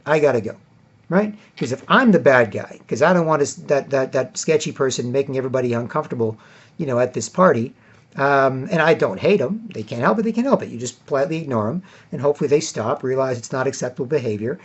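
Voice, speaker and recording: A man's voice: mid-range voice, lively intonation, quick pace, slightly rough. A man telling a long casual story in a rambling way, tagging his sentences with "right?" and "whatever". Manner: acts out other people in a raised, mocking voice. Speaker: vlogger. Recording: dull lo-fi recording.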